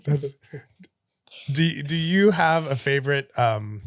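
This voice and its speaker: A man's voice: fairly high pitch, lively intonation, slow, dry recording, clean studio sound. A man hosting a podcast in casual chat, asking a child guest friendly, easy questions. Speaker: podcast host.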